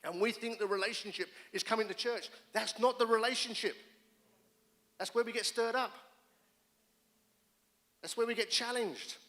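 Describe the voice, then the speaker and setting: A middle-aged man preaching a sermon as pastor, telling personal stories in an animated, emphatic way. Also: very high-pitched, normal speed, pauses often.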